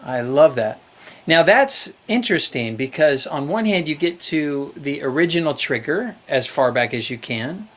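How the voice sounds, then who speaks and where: A man's voice: a little high, lively intonation, normal speed, fairly bright tone. A man hosting a live call-in show, talking reflectively about faith and therapy and quoting scripture. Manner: reflective, preachy, quotes scripture. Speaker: host.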